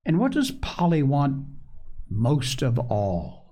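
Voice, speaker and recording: A man voicing a kind, gentle doctor who coaxes a small child in a storybook reading. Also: medium pitch, wildly swooping pitch, slow pace, exaggerated voice. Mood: coaxing. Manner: gentle, coaxing.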